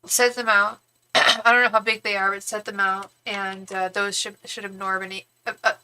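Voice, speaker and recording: A woman's voice: mid-range voice, level tone, normal speed, bright, forceful tone, slight background noise. A young woman reading tarot live, talking in a rambling, frank way with casual swearing and many restarts. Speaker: tarot reader and psychic medium.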